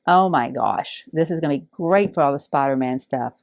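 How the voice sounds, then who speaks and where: Low-voiced woman, gushing. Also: moderate pace, a little mellow, dry recording, studio quality. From Alabama. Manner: heartfelt, awed, gushing. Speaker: quilting channel host. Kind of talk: casual unboxing chat.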